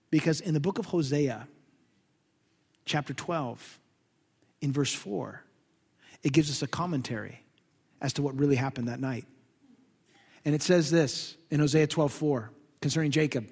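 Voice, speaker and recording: A man preaching a sermon as pastor, dramatic, swinging from hushed tones to loud emphasis. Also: fairly high pitch, expressive, a little fast, long pauses, breathy edge, in a large hall.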